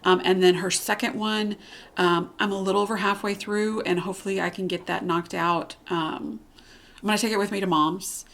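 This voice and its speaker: A woman's voice: medium pitch, fairly even intonation, normal speed, fairly bright tone. A woman hosting her own cross stitch channel, chatting casually from home in a candid, rambling way, full of ums and restarts. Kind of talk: casual rambling vlog chat. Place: at home, cat nearby.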